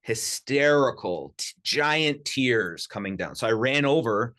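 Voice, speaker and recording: A man telling lively personal anecdotes as a podcast guest, talking casually with lots of "you know" and "like". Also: mid-range voice, measured pace. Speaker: podcast guest, sound healer. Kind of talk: casual storytelling. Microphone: studio podcast mic.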